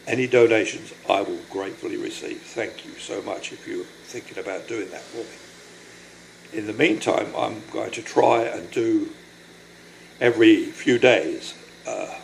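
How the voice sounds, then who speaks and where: An older man recording a personal video diary, speaking in a halting, apologetic, emotional way and short of breath from illness. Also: fairly low pitch, gravelly, a little hiss or hum, rough recording. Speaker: vlogger.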